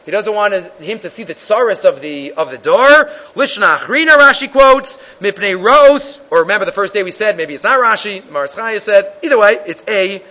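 In this dull lo-fi recording, a man leads a Gemara class, reading Hebrew and Aramaic aloud in a sing-song chant before rendering it into English, with plenty of restarts. His high-pitched, pushed, bright voice has lively intonation and moves at normal speed with few pauses.

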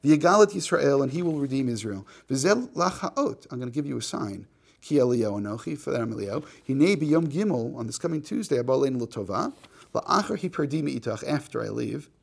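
A man's voice: mid-range voice, animated, brisk, vocal fry. A man teaching a class, reading a text aloud, translating it line by line and joking with the students. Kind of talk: classroom lecture.

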